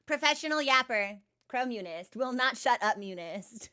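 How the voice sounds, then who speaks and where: A woman streamer in casual chat, animated and chatty, with frequent filler words. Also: a little high, moderate pace, few pauses, clean tone.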